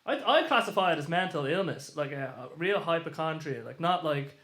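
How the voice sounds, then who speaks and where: A man's voice: on the high side, expressive, brisk, fairly bright tone, echoey room. A man hosting a podcast, talking candidly and sympathetically in casual interview chat. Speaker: podcast host.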